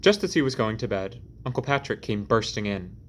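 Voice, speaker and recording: Man, audiobook narrator, low-ish voice, measured scripted reading. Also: very animated, slight background noise.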